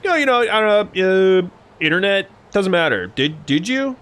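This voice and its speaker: A man's voice: high-pitched, big pitch swings, a bit bright, voice pushed up. A man putting on the voice of a stiffly polite male officer stumbling over his words at a front door. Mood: officious. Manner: stiff, halting, overly polite.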